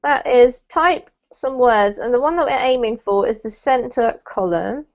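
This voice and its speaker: A woman's voice: fairly high pitch, unhurried. A woman teaching pronunciation to a small online group, giving encouraging feedback over a video call. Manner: encouraging, gives gentle feedback. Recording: muffled video call audio.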